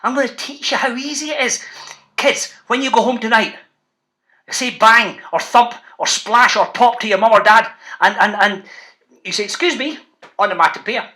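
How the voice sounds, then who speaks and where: A Scottish man teaches and reads to schoolchildren with playful, teasing energy. His voice sits fairly high and sounds bright and forward. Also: moderate pace. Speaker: children's author.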